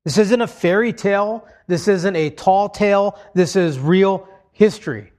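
A man's voice: sits high, a little slow, darkish tone. A man preaching a sermon, explaining points to his congregation in a conversational way.

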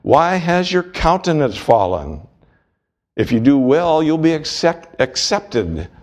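A man voicing God pleading gently with an angry man, in a slow, pleading tone. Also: fairly high pitch, big pitch swings, pitched above the performer's own voice.

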